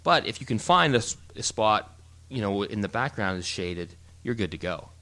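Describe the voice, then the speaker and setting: A man co-hosting a casual photography podcast, explaining in an animated, rambling way with frequent restarts. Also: on the low side, normal speed. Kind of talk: casual chat.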